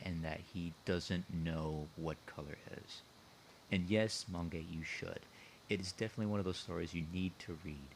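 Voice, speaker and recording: A man with a deep, low voice talks casually over a computer mic on an online call. He thinks aloud, circling back to the same points as he explains his own story. A faint hiss sits under his voice. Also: poor audio.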